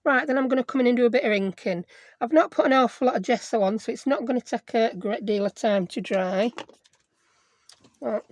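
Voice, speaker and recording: A chatty woman talks through a craft project while she works, casual and self-deprecating. Her voice sits a little on the high side. The sound is close and dry, with no room around it. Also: fairly quick, no echo. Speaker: craft video host.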